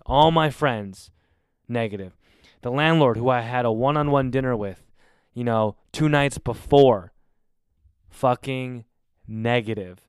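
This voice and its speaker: A man's voice: mid-range voice, clean tone, no room sound, studio quality. A man hosting a casual podcast over a video call, rambling and swearing. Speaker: podcast host.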